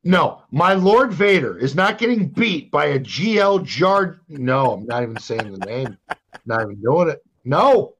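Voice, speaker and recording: Older man, profane exasperated rant, lively pitch, slow drawn-out delivery, casual podcast. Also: slightly rough. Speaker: podcast co-host.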